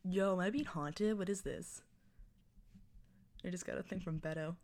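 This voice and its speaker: A woman's voice: lowish voice, normal speed, darkish tone. Young woman, early twenties, podcast host, casual rambling chat, self-mocking. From Texas. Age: 20s.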